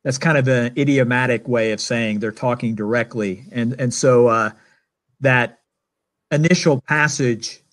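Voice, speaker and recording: A man answering Bible questions in an informal teaching style, measured and hesitant with many fillers. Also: medium pitch.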